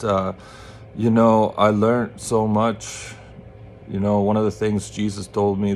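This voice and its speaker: A man's voice: low-pitched, darkish tone, slight background noise. A man casually telling a personal story to his viewers, candid and rambling, swearing freely. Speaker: channel host.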